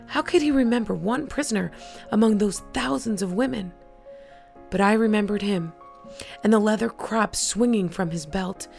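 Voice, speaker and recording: A woman's voice: medium pitch, creaky, darkish tone. A woman podcast host reading a first-person story aloud and then reflecting on it earnestly.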